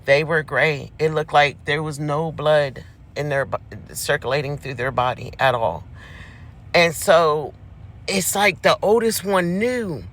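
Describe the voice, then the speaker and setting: High-voiced man telling a story. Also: a little slow, a bit bright. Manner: chatty, speaks straight to the audience as "y'all". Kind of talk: casual storytime to camera.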